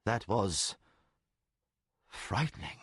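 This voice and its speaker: A man voicing a grave older priest who gives solemn, measured warnings. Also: on the low side, big pitch swings, breathy edge, no echo, clean studio sound, voice pushed down, exaggerated voice. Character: grave older male priest, wise and cautious.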